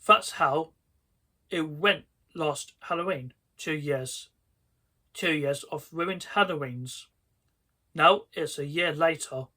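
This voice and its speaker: A man reading a children's horror story aloud, slowly and deliberately, often restarting his words. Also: fairly high pitch, sharp tone.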